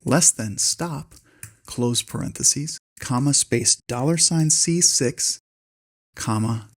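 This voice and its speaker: Man, husky voice, methodical step-by-step tutorial, mid-pitched. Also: slow. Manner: methodical, dictating formula step by step. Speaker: spreadsheet tutorial host. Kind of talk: screen-recorded software tutorial.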